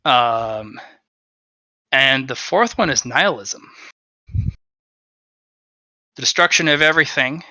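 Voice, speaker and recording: A man's voice: mid-range voice, animated, slow, pauses often, bright, forceful tone, no room sound, rough recording. A man narrating as game master of a tabletop game, laughing, swearing and throwing in dramatic asides.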